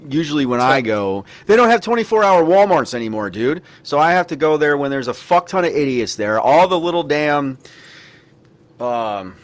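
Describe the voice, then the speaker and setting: A man's voice: a little high, animated, moderate pace, no room sound. A man hosting a podcast, telling rambling, profanity-laced stories in casual chat. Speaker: podcast host.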